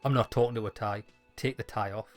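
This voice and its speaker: A man's voice: on the low side, steady tone, fast talker, faint music behind. A man playing a dialogue-heavy game, reading the lines aloud and adding wry jokes. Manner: wry, joking asides between read lines. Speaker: gaming YouTuber.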